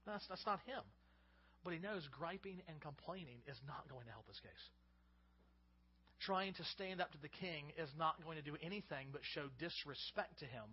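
High-voiced male preacher giving a sermon. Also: breathy edge. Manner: animated, reads scripture then explains. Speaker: pastor. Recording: slightly dull lo-fi recording.

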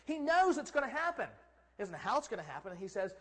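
Male pastor, sermon, high-pitched, acts out quotes, loud-to-hushed swings. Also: sing-song, quick pace. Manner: dramatic swings from loud proclamation to hushed near-whisper.

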